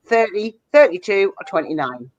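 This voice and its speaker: A woman's voice: mid-range voice, animated, normal speed, no room sound, highs cut off. A woman hosting a quiz among friends, reading out questions and answer options. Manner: reads out answer options in a listing rhythm. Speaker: quiz host.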